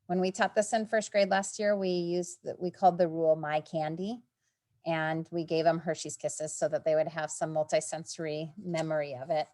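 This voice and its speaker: A first grade teacher presenting spelling rules in an online meeting, explaining step by step with fillers. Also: female voice, low-pitched, level tone, moderate pace, dark tone.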